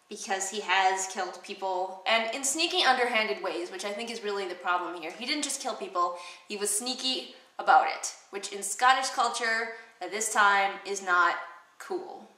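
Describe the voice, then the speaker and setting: A woman's voice: medium pitch, bright, forceful tone. A woman hosting a comic lesson, explaining a play in a sarcastic, slangy, playful way. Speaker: video host explaining Shakespeare. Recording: echoey room, distant mic.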